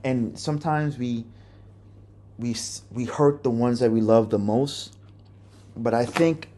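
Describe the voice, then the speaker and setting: A man's voice: mid-range voice, a little slow, dark tone. A young man hosting a podcast, telling a personal story in a candid, profane, rambling way with many restarts. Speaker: podcast host.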